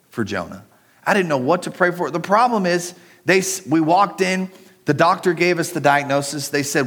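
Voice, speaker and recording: Fairly high-pitched, animated and a little rough, this middle-aged pastor's bright voice moves at a normal speed. His sermon is conversational, built around a personal story told straight to the people in the pews.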